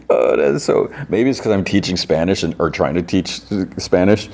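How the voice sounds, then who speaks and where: Low husky-voiced man recapping casually. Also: animated, measured pace, pauses often, darkish tone. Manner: rambling, paraphrases scenes with "he's like" and laughs at himself. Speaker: podcast host.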